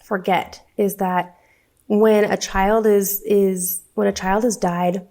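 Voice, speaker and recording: A woman's voice: mid-range voice, flat delivery, takes it slowly, a little mellow. A woman being interviewed as a guest on a podcast, speaking earnestly and with heartfelt conviction.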